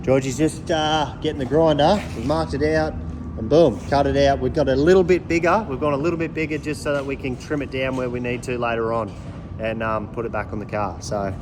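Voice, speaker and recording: Upbeat Australian man with a mid-range voice, a relaxed, slangy vlog host in a workshop, faint noise around him. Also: mid-range voice, fairly quick. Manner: upbeat, chatty, laid-back slang, yells playful calls. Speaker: vlogger. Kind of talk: casual chat. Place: panel repair workshop.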